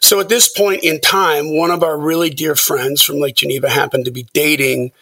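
Middle-aged guy telling music-biz stories, lively, acts out people, sounds a bit far from the mic. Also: a little high, normal speed. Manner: animated, acts out quoted people. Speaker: podcast guest, music producer. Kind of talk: storytelling interview.

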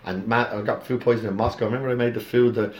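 A man, a coffee chain owner, telling lively anecdotes in casual chat and acting out other people's voices. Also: mid-range voice, rapid-fire. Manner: animated anecdotes with acted-out voices. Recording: echoey room.

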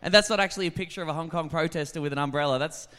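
A man's voice: on the high side, racing, sharp tone, smooth, in a large hall. A man from Australia, a comedian guest on a comic podcast, telling stories in a mock-indignant way, swearing and laughing.

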